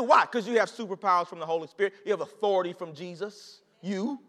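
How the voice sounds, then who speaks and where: A man preaching a sermon to his congregation in an animated, conversational way, repeating phrases and calling out to the listeners. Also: high-pitched, quick pace. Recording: long reverb of a large hall.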